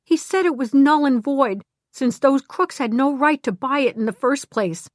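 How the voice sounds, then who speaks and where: A woman doing a frantic, shrill-voiced man. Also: normal speed, no room sound, clean studio sound. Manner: shrill, breathless, cracking with excitement.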